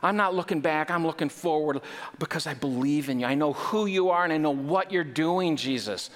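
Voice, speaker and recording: A man's voice: a little high, fairly quick, pitched above the performer's own voice, lightly acted. A desperate blind beggar cries out imploringly, as a male preacher puts him on. His pleas sound in his usual voice, raised in fervor. A long hall reverb trails every word. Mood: pleading. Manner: pleading, imploring.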